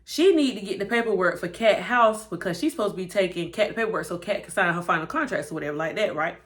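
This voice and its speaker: A woman giving a chatty, animated recap of a TV episode and acting out the characters' lines. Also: lowish voice, fast. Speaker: TV show reviewer.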